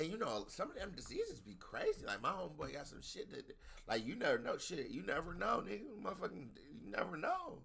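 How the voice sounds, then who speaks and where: A man hosting a music reaction video, talking casually and bluntly with plenty of profanity, often jumping up into high-pitched exclamations. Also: wildly swooping pitch, a little fast, creaky, hardly any pauses, bright, forceful tone, husky.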